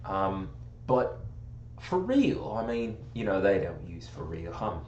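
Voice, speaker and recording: An American man talks loosely and at length, full of fillers and restarts, and keeps poking fun at himself for sounding posh and British. His voice sits a little low, and the room around him rings with echo. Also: measured pace, highs cut off, slight background noise. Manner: rambling, self-mocking, joking about slipping into a posh British accent. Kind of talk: casual chat. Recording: echoey room.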